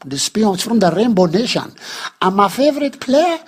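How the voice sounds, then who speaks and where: A man's voice: high-pitched, sing-song, moderate pace, slightly rough, heavily acted. A man doing a comic impression of a rambling, sentimental old statesman. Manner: rambling, drifts off topic. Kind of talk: comic impression on a fan podcast.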